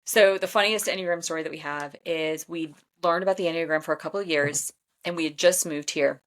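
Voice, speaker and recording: A woman in her thirties hosts a podcast, telling stories in a casual chat. She speaks bluntly and with animation, laughing often. Her voice sits somewhat low for a woman. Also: brisk. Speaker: podcast host and Enneagram coach.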